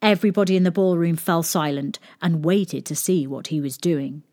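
A woman reading a children's story aloud in a gentle, expressive storytelling manner. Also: fairly low pitch, moderate pace.

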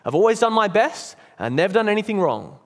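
A man's voice: high-pitched, big pitch swings, fast talker, big-room sound, voice pushed up. A man voicing a big, coarse male ghost from hell who insists on his rights in a blustering, self-righteous way. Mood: indignant.

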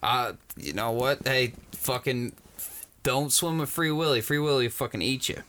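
A man co-hosting a podcast, excitable and crude with loud jokes. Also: mid-range voice, moderate pace. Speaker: podcast co-host. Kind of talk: casual podcast chat.

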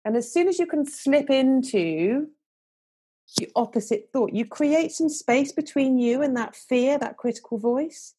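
A woman speaks as a confidence coach on a podcast, her tone mellow and warm. She explains her ideas earnestly and gently, now and then slipping into the voices she describes. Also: high voice, expressive, a little slow, breathy edge. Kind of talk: podcast interview.

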